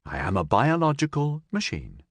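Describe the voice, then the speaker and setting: A man's voice: medium pitch, huge pitch swings, moderate pace, no room sound, voice pushed up. A man doing a formal, courteous android. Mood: polite. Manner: formal, precise, polite.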